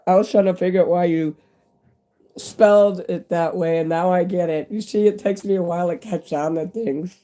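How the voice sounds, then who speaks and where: A man in his fifties with a hoarse, fading voice and a stuffy nose, rambling candidly to his viewers in a casual live-stream chat. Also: high-pitched, steady tone, moderate pace, mellow, slight background noise. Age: 50s.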